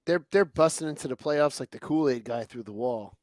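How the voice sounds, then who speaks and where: A man's voice: mid-range voice, fairly quick, darkish tone, no room sound. Wry podcast guy, opinionated, dry close sound. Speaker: podcast co-host. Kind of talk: casual podcast chat.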